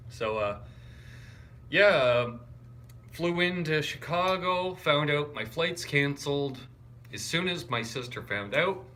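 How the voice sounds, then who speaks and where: Young man, bright tone, wired and tired, scattered live-stream chat, phone mic in a hotel room. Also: a little high, animated, slow pace. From Canada. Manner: scattered, chatty, greets viewers and reads the chat aloud.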